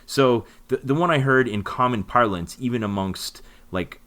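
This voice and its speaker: A man's voice: medium pitch, moderate pace, fairly bright tone. A man co-hosting a podcast, explaining things in a rambling casual way with many fillers. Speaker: podcast co-host.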